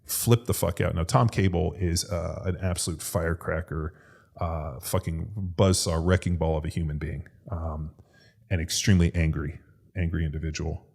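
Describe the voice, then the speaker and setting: Deep-voiced man telling a profane story. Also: flat delivery, normal speed, vocal fry, a little mellow. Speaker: podcast co-host, former NFL lineman. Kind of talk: casual storytelling chat.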